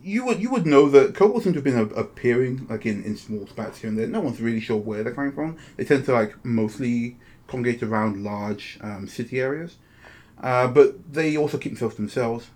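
A man's voice: medium pitch, lively intonation, fairly quick, darkish tone. A man narrating a tabletop game as game master, describing scenes at length with many restarts. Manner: descriptive, full of fillers and restarts.

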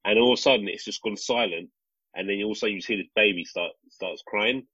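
Husky deep-voiced man. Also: fast, no echo. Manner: animated, rambling storyteller with many restarts. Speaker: podcast co-host, father. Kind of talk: casual conversational storytelling. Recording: slightly dull lo-fi recording.

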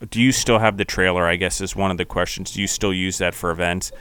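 A man's voice: low voice, fairly even intonation, quick pace, fairly bright tone, smooth, no echo. A man hosting a podcast interview, enthusiastic and asking rambling questions. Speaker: podcast host. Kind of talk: casual interview.

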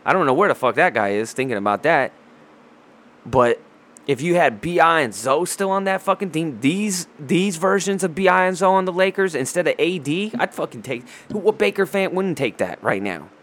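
A man's voice: on the high side, animated, moderate pace, a bit bright. A man ranting casually about basketball, heated and profane, full of trash talk, restarts and rambling asides. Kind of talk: casual sports rant.

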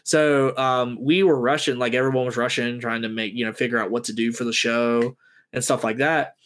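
A man guesting on a podcast, telling lively stories in casual chat and acting out what people said. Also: medium pitch, a little fast. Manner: animated storyteller, acting out quotes.

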